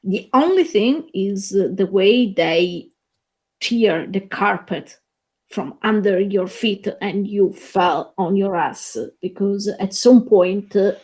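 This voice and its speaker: A woman talking slowly and hesitantly in a casual film review, pausing often on "uh". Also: mid-range voice, a little mellow, breathy edge, rough recording. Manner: slow and hesitant, frequent "uh" pauses.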